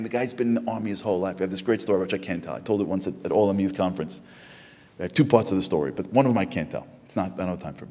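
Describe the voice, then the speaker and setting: An American man telling a lively story to an audience, acting out the voices of the people in it. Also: slightly rough. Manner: animated, acts out quoted voices in a high pitch. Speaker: Jewish speaker. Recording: echoey hall with long reverb.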